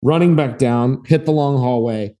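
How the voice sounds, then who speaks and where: A man in his thirties co-hosting a podcast, telling a story in a lively, casual way and acting out the voices in it. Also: medium pitch, normal speed. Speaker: podcast co-host.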